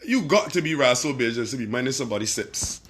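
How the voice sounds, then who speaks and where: Bright-voiced Barbadian man shouting out viewers. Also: medium pitch, big pitch swings, quick pace, a little hiss or hum. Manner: laid-back, profane, laughs often, shouts out viewers. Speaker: livestream host. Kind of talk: casual livestream chat reading viewer comments.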